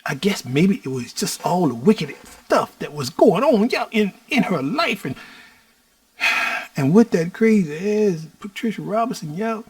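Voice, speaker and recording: A middle-aged man from Houston, Texas, telling his own story as host in a slow preaching cadence that keeps addressing the listeners as "y'all". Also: high voice, big pitch swings, slightly rough, no room sound. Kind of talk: personal storytelling monologue.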